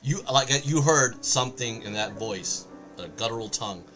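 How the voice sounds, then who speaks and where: A man's voice: medium pitch, expressive, moderate pace, bright, forceful tone, soft background music. A man narrating a tabletop game session as game master, explaining the scene steadily and often restarting his sentences.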